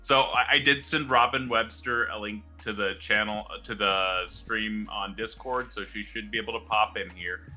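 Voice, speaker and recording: A man's voice: on the low side, steady tone, bright, forceful tone, soft background music. A man hosting a debate livestream, talking casually with many fillers and restarts. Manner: halting, filler-heavy, repeats words. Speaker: stream host and moderator.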